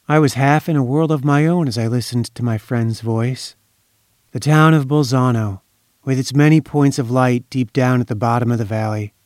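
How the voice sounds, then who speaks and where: A man reading a story aloud in a measured, solemn narration. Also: mid-range voice, darkish tone, dry recording, studio quality.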